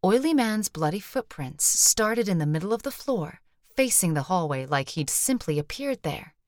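A woman narrating an audiobook in measured, even storytelling. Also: fairly low pitch, no echo, clean studio sound. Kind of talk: scripted narration.

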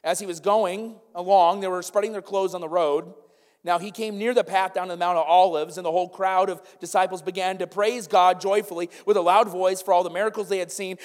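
A male pastor preaching a sermon, swinging from loud, urgent calls to hushed intensity. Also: high-pitched, moderate pace. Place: church sanctuary. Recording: long church reverb with faint music.

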